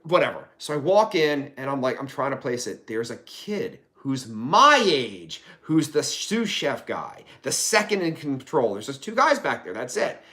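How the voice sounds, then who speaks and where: Animated, profane male storyteller. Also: mid-range voice, a little slow, few pauses. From Pennsylvania. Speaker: podcast guest. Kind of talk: casual storytelling.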